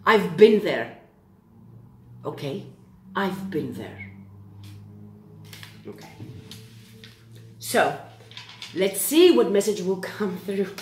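A woman giving a casual tarot reading to camera. She is excitable and keeps checking in with "okay?". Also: on the low side, extremely slow, long pauses, echoey room, a little hiss or hum. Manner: excitable, repeats "okay?" often. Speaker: tarot reader.

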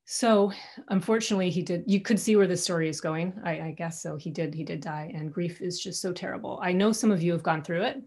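Middle-aged woman talking over a video call from home, fairly low voice, candid, lots of restarts. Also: a little fast, darkish tone. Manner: candid and conversational, with frequent restarts. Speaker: guest speaker. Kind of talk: personal talk to an alumni audience. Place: her own home.

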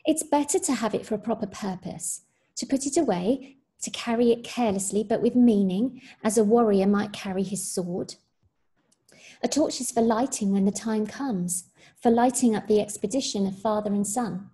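A woman teacher reading a short story aloud in a measured, expressive way. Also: mid-range voice.

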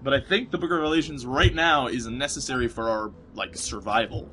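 Lively bright-voiced man narrating gameplay. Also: medium pitch, normal speed, soft background music. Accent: put-on British accent at times. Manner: rambling, self-mocking, swears at the game. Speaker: let's play commentator. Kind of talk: casual gameplay commentary.

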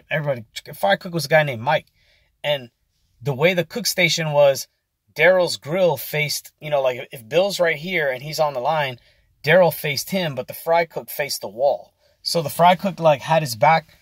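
A man's voice: fairly high pitch, moderate pace, slightly rough, no echo, studio quality. A man in his forties telling a story in a casual, rambling vlog with many fillers and restarts. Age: 40s. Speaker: vlogger.

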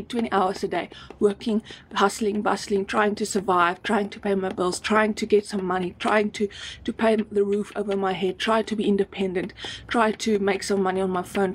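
Pitching an online business on a live stream, this South African woman hammers her words home, repeating them over and over. She comes across as slightly breathless, and there is a bit of noise in the background.

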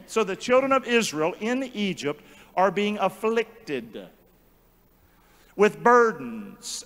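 A male pastor preaching a sermon with animated call-and-response and joking asides in a large church. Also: high voice. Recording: long church hall reverb.

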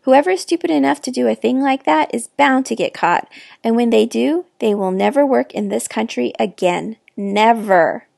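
A woman's voice: on the high side, normal speed, creaky, darkish tone, no echo, studio quality. A woman voicing Mister Yao, a stern older male motel owner who makes cold, sneering threats. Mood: menacing.

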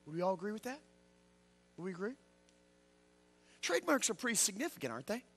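Animated evangelist man preaching. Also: fast, slightly rough. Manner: call-and-response with the congregation; swings from loud high exclamations to low quiet asides. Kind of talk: revival sermon. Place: church.

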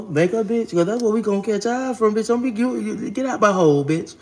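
A woman vlogging casually to camera, talking bluntly and brashly, cursing freely, with an animated, expressive delivery. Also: medium pitch, brisk, few pauses.

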